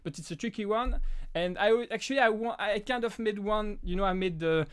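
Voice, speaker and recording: A man from France with a French accent, whose first language is French, hosting a casual live Q&A and talking in halting bursts full of restarts. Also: high voice, fairly bright tone, clean tone. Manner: halting, frequent restarts and fillers. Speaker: live stream host.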